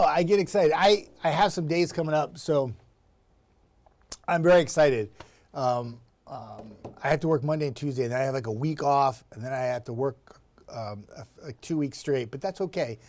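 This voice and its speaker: A male weather forecaster talks in a relaxed, chatty way, bright and upbeat, laughing easily as he answers viewers. His voice sits a little higher than most men's. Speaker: TV meteorologist. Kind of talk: casual livestream chat reading viewer comments.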